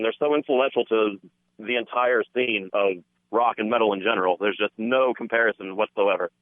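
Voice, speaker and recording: A man's voice: mid-range voice, no room sound. A man calling in to a radio show, speaking passionately and gushingly. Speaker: caller. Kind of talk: call-in radio talk. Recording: phone-line call-in audio.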